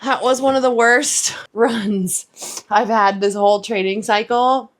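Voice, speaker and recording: A woman's voice: on the high side, steady tone, slow pace, slight background noise. A woman vlogging about her running, talking candidly and chattily with lots of "like", worn out after a hard run and filming outdoors. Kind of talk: casual vlog chat.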